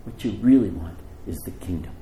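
Man, preacher, sermon storytelling, animated quotes, echoey room. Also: brisk, a little hiss or hum. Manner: animated storytelling, acting out quotes with rising pitch. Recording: echoey room with faint ambience.

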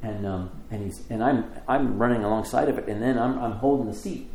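A middle-aged man preaching a sermon, telling the story with lively acted quotes and conversational asides. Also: mid-range voice, brisk, creaky, roomy sound, slight background noise, rough recording. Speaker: pastor.

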